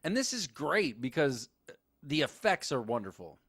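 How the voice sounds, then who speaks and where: A man co-hosting a casual movie recap podcast, animated and swearing freely as he acts out scenes. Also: a little high, normal speed, husky, dry recording, clean studio sound. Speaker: podcast co-host.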